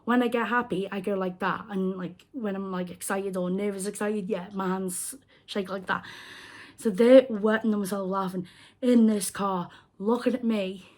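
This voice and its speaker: A young British woman vlogging, telling a story in a casual, animated way and acting out the people she quotes. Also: mid-range voice, normal speed. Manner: animated retelling, acts out quoted voices. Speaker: crochet vlogger.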